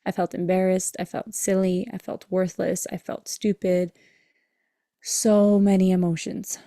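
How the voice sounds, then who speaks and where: A woman's voice: lowish voice, level tone, unhurried, dark tone, no room sound, studio quality. Earnest woman telling a personal story. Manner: emotional, earnest, acts out dialogue in her story. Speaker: podcast host and breathwork coach.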